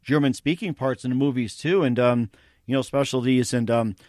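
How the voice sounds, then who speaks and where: A male interview host with a middle-pitched voice, who strings out long questions full of fillers. The recording is dry, with no room sound. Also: normal speed, a little mellow, dry recording. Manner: rambling questions padded with fillers.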